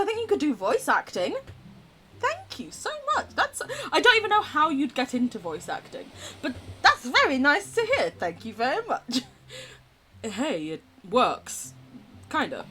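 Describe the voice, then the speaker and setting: A woman's voice: high-pitched, huge pitch swings, unhurried, noisy background. A young adult woman streaming a game, chatting casually in a bubbly way and laughing often. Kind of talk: casual gameplay commentary.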